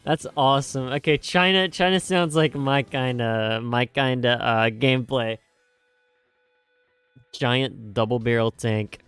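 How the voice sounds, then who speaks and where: Young male streamer, casual rambly chatter, smooth clear tone, dry close sound with faint music underneath. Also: mid-range voice, a little slow, fairly bright tone, no echo. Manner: rambling, jokey, self-mocking, many fillers and restarts. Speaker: streamer reacting to game music. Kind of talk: casual live-stream chat.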